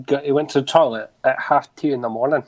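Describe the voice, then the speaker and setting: A man in his late twenties co-hosting a casual podcast, chiming in with quick agreements and teasing. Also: mid-range voice, steady tone. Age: 20s. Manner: brief, agreeable interjections and teasing. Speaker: podcast co-host. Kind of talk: casual chat.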